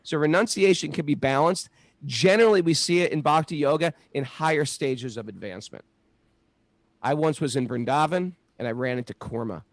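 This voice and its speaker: A middle-aged man talking casually about spiritual practice, an animated storyteller who acts out the voices in his stories. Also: fairly high pitch, brisk, no echo. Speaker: podcast co-host.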